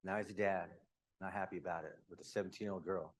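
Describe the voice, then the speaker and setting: A man in his fifties from Utah, candidly telling his own life story to a room, with quick asides. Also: deep voice, steady tone. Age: 50s. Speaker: speaker. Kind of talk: personal story talk.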